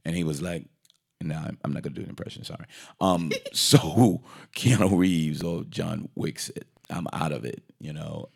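A man casually retelling a movie plot in a rambling, animated way, slipping into quoted voices and restarting his sentences. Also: deep voice, normal speed, creaky, slightly rough. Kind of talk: casual movie recap chat.

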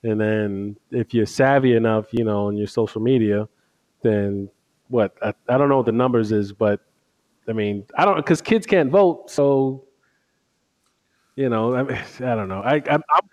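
A man's voice: medium pitch, normal speed, no echo, lo-fi sound. A man in a casual political chat who talks hesitantly, often starting over. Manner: hesitant, stumbling restarts.

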